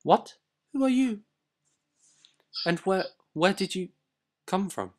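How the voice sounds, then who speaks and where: A man voicing a young princess in a video game with a high, put-on falsetto, wary and questioning. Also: expressive, slow pace. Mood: alarmed. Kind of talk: amateur voice acting over a video game.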